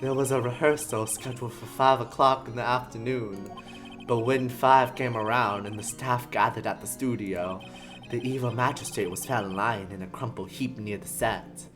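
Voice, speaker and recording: Brief: streamer voicing a meek, gentle actor, sleepy soft drawl, slow delivery. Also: medium pitch, music in the background, voice pushed up, natural voice. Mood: earnest. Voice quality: soft sleepy drawl, loosely New Yorker. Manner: meek, apologetic. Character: gentle soft-spoken man, shy studio actor.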